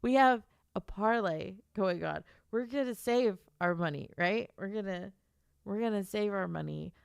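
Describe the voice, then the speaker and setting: A woman's voice: medium pitch, measured pace, creaky, smooth, no echo, clean studio sound. A young woman streaming casually to her chat, teary and stuffed up, laughing through her tears and swearing.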